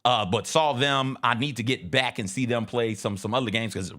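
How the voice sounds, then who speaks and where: A man's voice: medium pitch, normal speed. A man co-hosting a radio show, telling a story in casual chat with restarts. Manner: lively, animated, with frequent restarts and laughs.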